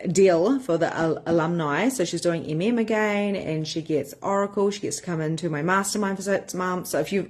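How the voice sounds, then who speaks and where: A woman's voice: fairly low pitch, darkish tone. A woman in her thirties, a spiritual empowerment coach, talking frankly and with energy to her members, swearing casually. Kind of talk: casual live-stream talk to members.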